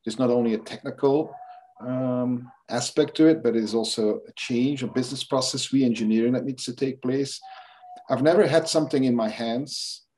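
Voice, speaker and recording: A man's voice: medium pitch, moderate pace, darkish tone. A man being interviewed as a guest expert, explaining at length with frequent restarts and fillers. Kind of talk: interview conversation.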